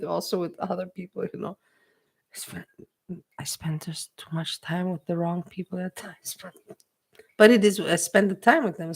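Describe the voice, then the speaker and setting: Emotional woman chatting on a livestream. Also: on the low side. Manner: emotional, repetitive, talks to her chat. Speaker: livestream host. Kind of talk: casual livestream chat.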